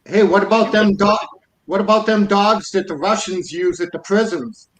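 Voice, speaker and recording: A man's voice: sits high, steady tone, normal speed. A man telling folksy, emphatic stories in a casual group chat. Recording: roomy echo.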